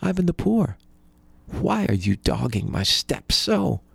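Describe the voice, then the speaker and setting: A man voicing the north wind as a slow, booming spirit in a told story. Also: big pitch swings, vocal fry, slightly rough, dry recording, full character voice. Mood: grand.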